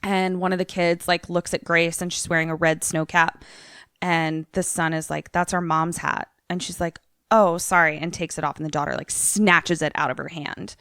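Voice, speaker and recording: A young woman chats her way through a movie trailer on a podcast, piling up fillers as she goes. Her voice sits a little low and sounds smooth and clean. The recording is dry and close, with no room sound. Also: little pitch movement, moderate pace, fairly bright tone, dry recording. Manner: chatty, filler-heavy, lots of "like". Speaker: podcast co-host. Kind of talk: casual retelling of a trailer.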